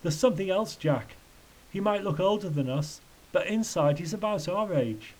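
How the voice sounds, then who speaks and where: A man's voice: sits high, animated, moderate pace, pitched above the performer's own voice, rough recording. A man voicing a caring, earnest young boy in a storybook reading. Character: worried, caring schoolboy.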